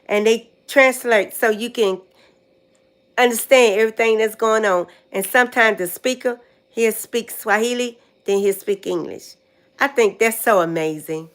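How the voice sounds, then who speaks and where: A woman's voice: a little high, moderate pace. An older American woman chatting casually on a livestream. She repeats words to herself while she tries to remember them. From United States. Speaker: vlogger.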